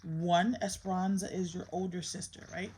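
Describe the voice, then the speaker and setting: A woman's voice: fairly low pitch, fairly even intonation, moderate pace, dark tone, low-quality recording. A woman in her thirties recording a candid vlog, venting about her troubles and firmly scolding her child. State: emotionally strained. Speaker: mother and vlogger. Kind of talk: candid vlog talk to camera.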